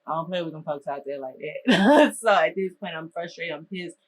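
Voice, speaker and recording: Animated young woman telling a story. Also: on the low side, moderate pace, low-quality recording. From Minnesota. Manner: animated, exasperated storytelling with slang. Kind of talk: storytime vlog.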